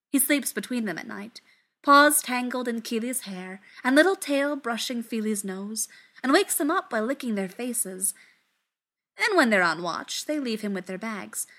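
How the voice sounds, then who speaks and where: A woman reading a story aloud in an expressive, unhurried way. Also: on the high side.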